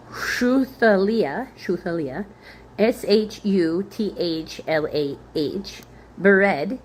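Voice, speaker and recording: A woman with a lowish voice works slowly through a Bible passage, spelling out difficult names letter by letter. She pauses to think aloud between verses. A faint hiss of noise sits under the recording. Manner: thinks aloud with fillers and small laughs. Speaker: Bible study leader. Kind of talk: reading scripture aloud with commentary.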